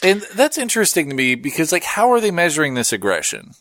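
A man's voice: wildly swooping pitch, fast, a bit bright, no room sound, studio quality. A man co-hosting a casual podcast, goofy and joking, riffing on the stories. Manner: goofy, riffs and jokes, swings pitch a lot. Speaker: podcast co-host. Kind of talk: casual chat.

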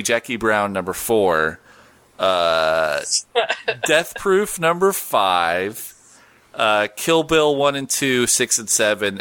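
A man's voice: fairly low pitch, sharp tone, clean tone, no room sound. A man hosting a casual podcast, joking, laughing often and reading out listener posts and plugs. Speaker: podcast host.

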